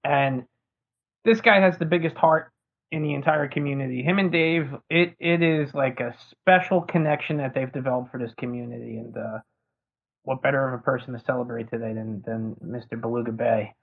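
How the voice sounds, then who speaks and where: A man's voice: mid-range voice, steady tone, a little fast. Easygoing man on a tinny line. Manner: easygoing, chatty, calls on speakers. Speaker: moderator. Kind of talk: casual chat.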